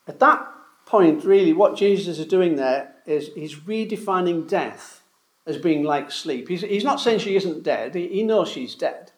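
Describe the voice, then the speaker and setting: A man preaching in a church hall, earnest and explanatory, often doubling a word as he restarts. His voice sits fairly high for a man, and the room gives it a roomy echo. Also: lively intonation, normal speed. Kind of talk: sermon.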